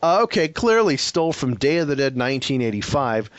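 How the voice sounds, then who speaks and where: A man reviewing films on a podcast in casual, profane chat. He rambles and turns sarcastic, mocking characters in quick put-on voices. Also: mid-range voice, very animated, no echo. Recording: dull lo-fi podcast audio.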